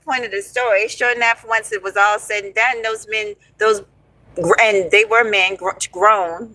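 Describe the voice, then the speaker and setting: A woman in her forties telling a story from her past in a casual, animated, profane way, calling her listeners honey and y'all. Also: mid-range voice, poor audio. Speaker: storyteller host.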